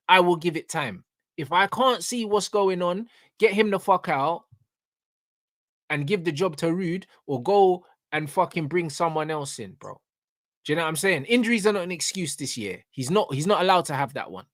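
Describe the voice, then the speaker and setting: Passionate football fan, dry mic. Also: male voice, fairly high pitch, fairly bright tone, dry recording. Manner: passionate, swears, repeats "do you know what I'm saying". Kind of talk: casual football debate.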